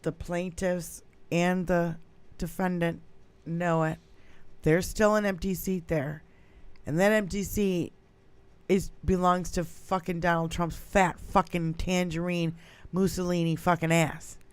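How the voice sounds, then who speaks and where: A woman co-hosting a political talk show, venting with heavy profanity in a heated, casual rant. Her voice is smooth and clear. The sound is dry and close to the mic. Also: on the low side, little pitch movement, measured pace, no room sound. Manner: angry, profane ranting. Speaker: podcast co-host.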